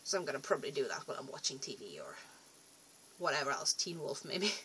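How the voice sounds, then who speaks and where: A woman's voice: rumbling low, big pitch swings, fast talker, fairly bright tone, a little hiss or hum. A young woman rambling casually to camera in a vlog, chatty and self-deprecating, often trailing off and restarting. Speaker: vlogger.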